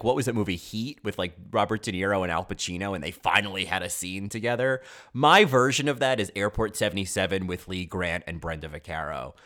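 A man hosting a podcast, chatting casually about old films in an animated, rambling way, full of tangents and self-interruptions. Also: on the low side. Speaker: podcast host. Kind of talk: casual film commentary.

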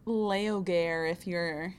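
A woman's voice: on the low side, steady tone, drawn-out words, slight background noise. A woman co-hosting a chat podcast, cheerful and explanatory, often giggling as she sets up the topic. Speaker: podcast co-host. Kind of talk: casual chat, introducing the topic.

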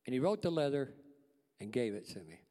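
A man, telling a personal testimony in church as a folksy, animated storyteller. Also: medium pitch, a little fast, in a large hall. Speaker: church staff member giving a testimony.

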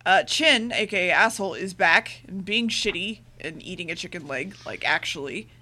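A woman with a bright, forceful tone recaps an episode in loose, casual chat. She rushes her words and swears freely, paraphrasing dialogue as she goes. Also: lowish voice. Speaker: podcast co-host recapping an episode.

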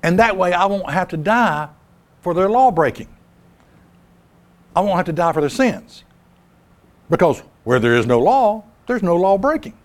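A man's voice: sits high, big pitch swings, moderate pace, long pauses. A man voicing the Son as a puzzled young man who reasons back and questions the plan.

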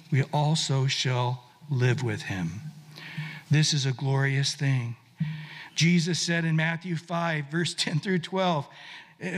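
A man's voice: high voice, long reverb tail. A man preaching a sermon as pastor, emphatic, repeating words and asking the congregation questions.

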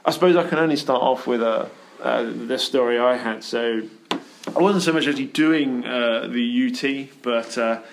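A man's voice: medium pitch, normal speed, slight background noise. A man hosting a casual podcast chat in an office, telling a rambling story with plenty of fillers. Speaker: podcast host.

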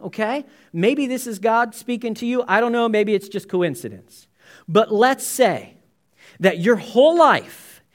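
A male pastor preaching a sermon, swinging between loud emphatic stretches and quiet, low punchlines.

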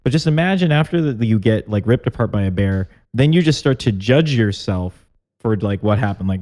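A man co-hosting a casual chat show, reflective and gently probing in his questions, with a touch of humor. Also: lowish voice, animated, normal speed. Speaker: podcast co-host. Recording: faint guitar music underneath.

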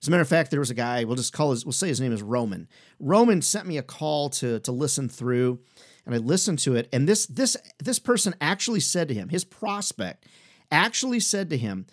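A male sales coach giving an energetic, fast-talking podcast lesson with lots of emphasis. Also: mid-range voice.

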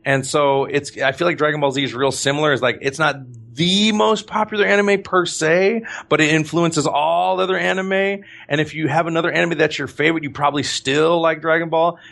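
A man's voice: on the high side, steady tone, brisk, vocal fry, hardly any pauses, a bit bright. A man chatting casually as a podcast host, rambling with many restarts and easy laughter. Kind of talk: casual chat.

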